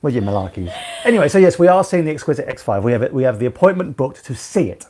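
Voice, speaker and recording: A man co-hosting a live stream, chatting casually and telling animated, joking stories. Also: medium pitch, fast talker, crowd noise. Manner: animated, jokey, rambling storyteller. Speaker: sailing vlog co-host.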